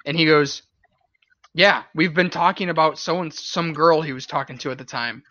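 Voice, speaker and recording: A man's voice: a little high, normal speed, bright, forceful tone, dry recording, dull audio. A young man in his twenties telling a story casually on a podcast, laughing often and swearing. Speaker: podcast host.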